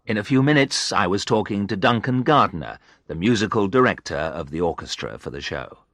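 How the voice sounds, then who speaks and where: A man narrating a graded story in the first person, reading in an expressive storytelling manner. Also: low voice, brisk, no room sound. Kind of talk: scripted narration of a graded reader.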